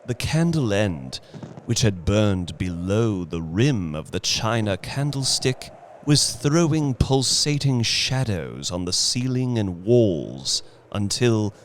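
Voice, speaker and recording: A man's voice: fairly low pitch, sing-song, a little hiss or hum. A man narrating a suspenseful classic horror tale in a dramatic audiobook reading. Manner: slow, suspenseful storytelling. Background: faint music.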